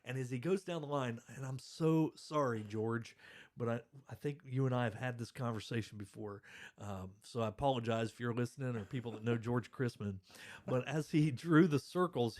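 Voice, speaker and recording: A man's voice: mid-range voice, a little mellow. Male podcast host, casual rambling storyteller, pokes fun at himself, mid-range voice. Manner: rambling, self-deprecating, laughs through his stories.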